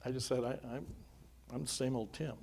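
Fairly quick and steady, this middle-aged pastor's mid-range voice is creaky and darkish. He shares his own testimony in a sermon, earnest and conversational, adding little chuckling asides.

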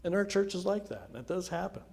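A man's voice: sits high, animated, fast talker. Earnest male pastor praying. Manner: earnest, prayerful, varying loudness. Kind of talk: spoken prayer in a church service.

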